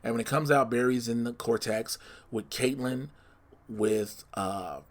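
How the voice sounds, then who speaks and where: A man's voice: mid-range voice, unhurried. A man hosting a solo podcast, chatting casually and in a scattered way. He often corrects himself and teases his listeners with spoilers. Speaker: podcast host.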